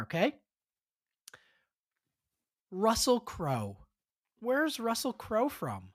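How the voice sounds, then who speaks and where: A woman's voice: fairly high pitch, sing-song, takes it slowly, pauses often. A woman hosting a podcast, running a quiz for her co-hosts in an upbeat, encouraging way. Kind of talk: casual podcast chat.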